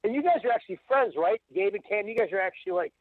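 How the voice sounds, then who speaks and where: A man with a Midwestern accent calls in to a radio show, his high voice tinny and squeezed as if over a phone line. He rambles excitedly, stumbles and restarts, and piles one thought onto the next. The sound is dry, with no room around it. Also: very fast, no room sound. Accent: Midwestern American. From Wisconsin. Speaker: caller. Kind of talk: casual call-in chat.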